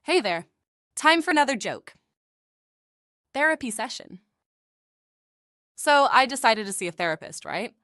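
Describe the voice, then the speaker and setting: A woman's voice: fairly high pitch, big pitch swings, unhurried, long pauses, bright, forceful tone, no echo, clean studio sound. A woman telling short scripted jokes in a chatty, playful storytelling manner. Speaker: joke teller. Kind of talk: scripted joke narration.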